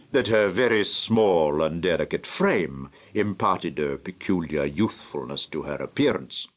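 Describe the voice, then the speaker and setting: An older man with a very deep voice reads a classic novel at a slow, deliberate pace. His phrasing rises and falls in lively curves. The recording has a slightly dull, muffled sound. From England. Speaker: audiobook narrator. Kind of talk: measured classic novel narration.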